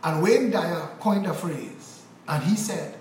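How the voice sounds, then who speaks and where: A man's voice: a little high, expressive, slow pace, darkish tone, reverberant, slight background noise, low-quality recording. Angry Trinidadian man ranting. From Trinidad and Tobago. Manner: angry, emphatic, repetitive rhetorical delivery. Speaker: political commentator. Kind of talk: impassioned political monologue.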